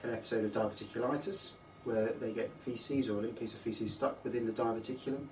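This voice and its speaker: A man, a surgeon, calmly explaining a bowel disease in clinical detail during a teaching discussion. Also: mid-range voice. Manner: measured, explanatory, technical. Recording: echoey room, distant mic, faint noise.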